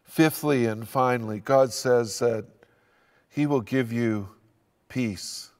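A man's voice: medium pitch, takes it slowly, darkish tone. An older man preaching an earnest sermon as pastor, building his emphasis as he speaks. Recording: long hall reverb.

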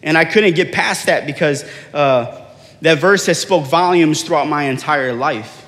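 Animated male pastor in a reverberant church. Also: fairly high pitch, measured pace. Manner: animated storyteller, acts out quoted dialogue. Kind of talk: sermon with personal stories. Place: large church hall. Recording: long hall reverb.

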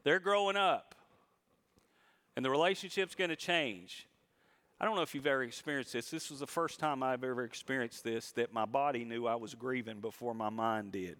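Pastor preaching with rising emphasis. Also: male voice, medium pitch. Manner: expressive preaching, rising loud for emphasis and slowing on key phrases. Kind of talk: sermon.

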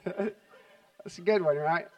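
Upbeat high-voiced pastor preaching. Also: male voice, extremely slow, a little mellow, distant mic. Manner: upbeat and conversational, tells jokes. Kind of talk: sermon. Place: church sanctuary.

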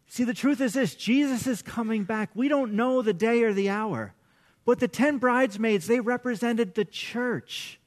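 A man's voice: very high-pitched, normal speed. A middle-aged man, a pastor, preaching a conversational sermon with casual storytelling and self-deprecating humor.

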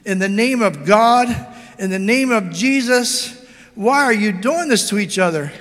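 A man's voice: high voice, expressive, very slow, pushed and bright, big-room sound, heavily acted. A man voicing an anguished monk who pleads and cries out against slaughter in an arena. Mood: pleading. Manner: pleading, crying out.

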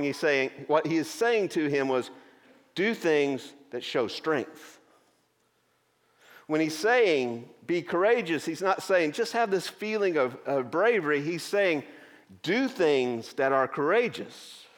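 Guy preaching a sermon, a bit high voice, long church echo, earnest, lots of pauses. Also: animated. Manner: earnest, explaining scripture with many pauses. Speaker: pastor. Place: church sanctuary.

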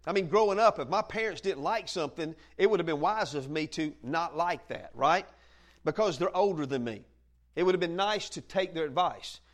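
A man preaching in a loose, folksy way, his voice sitting a touch higher than most men's. He keeps it lively and conversational, moving between plain teaching and playful asides to the room. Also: moderate pace. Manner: folksy and animated, acts out quoted voices, laughs often. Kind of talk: conversational sermon. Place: church meeting room with listeners.

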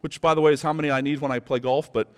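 Pastor type, male, high voice, emphatic sermon delivery, big church reverb. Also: steady tone, smooth. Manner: emphatic preaching, slows down for stress. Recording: long hall reverb.

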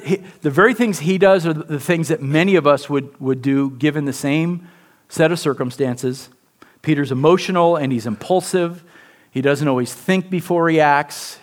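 A man preaching a sermon in a conversational, candid way, often checking in with the listeners. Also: on the high side. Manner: conversational, candid, with frequent "right?" asides and restarts. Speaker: pastor.

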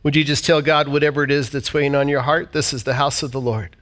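A man's voice: on the high side, fairly even intonation, quick pace, a bit bright. Earnest man praying in church. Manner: earnest, heartfelt, repeats phrases. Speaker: pastor. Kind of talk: sermon and prayer.

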